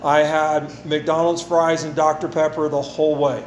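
High-voiced folksy preacher in echoey hall. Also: male voice, flat delivery, moderate pace. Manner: conversational and folksy, repeats phrases for emphasis. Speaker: pastor. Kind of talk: sermon with scripture reading and prayer.

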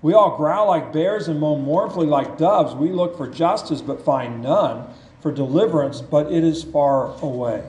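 A man preaching a sermon, reading scripture aloud and explaining it with slow, emphatic delivery. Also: on the high side, a little mellow. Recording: echoey church room.

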